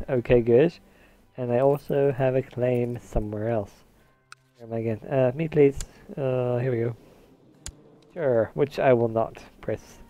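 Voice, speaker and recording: This let's-player's medium-pitched voice stays fairly even and a little slow, with narrow, tinny audio and soft music behind him. He gives casual, half-distracted commentary while thinking aloud. At times he affects a mock posh old-English manner.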